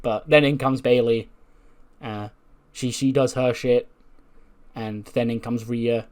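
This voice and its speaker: A man's voice: mid-range voice, steady tone, slow, darkish tone. A man giving casual game playthrough commentary, chatty and laughing often as he retells the action. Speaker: gaming video creator.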